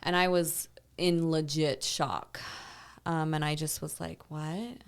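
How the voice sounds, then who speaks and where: A woman's voice: low-pitched, steady tone, slow pace, smooth. A woman in her thirties, a podcast guest, tells a painful personal story in a rambling conversational way, full of "like" and "you know.". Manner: intense, reliving a painful memory.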